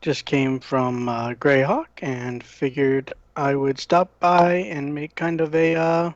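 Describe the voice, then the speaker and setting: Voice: medium pitch, fairly even intonation, slow, dry recording, highs cut off. A tabletop player speaking in character as a cleric, friendly and sometimes searching for words. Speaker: player voicing a mouse-folk cleric.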